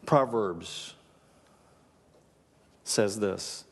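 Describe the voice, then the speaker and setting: A man's voice: lowish voice, drawn-out words, breathy edge. A male pastor preaching a sermon, telling stories and then leading his congregation in prayer. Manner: storytelling, leads the congregation in prayer. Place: church sanctuary. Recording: long reverb of a large hall.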